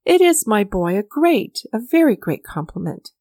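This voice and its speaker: A woman's voice: mid-range voice, very animated, moderate pace, darkish tone, dry recording, studio quality. Woman reading as a genial old poet. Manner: kindly, chatty, eager. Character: genial elderly male poet, warm host.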